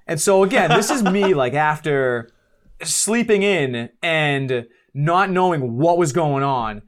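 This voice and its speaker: A man in his twenties, appearing as a podcast guest, tells a story in casual chat with a slightly high voice at a slow pace. He's animated, acting out quotes, swearing, and laughing at himself.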